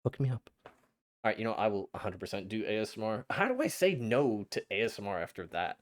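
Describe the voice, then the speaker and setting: A young man streaming a game, chatting to his viewers in an excitable, flustered way with frequent stammers. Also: fairly low pitch, quick pace. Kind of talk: casual live-stream chat.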